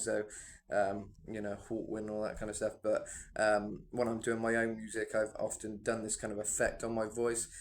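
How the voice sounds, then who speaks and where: A man who is a singer himself and a music reaction vlogger gives rambling, enthusiastic reaction commentary packed with fillers. His voice is on the low side, with slight background noise.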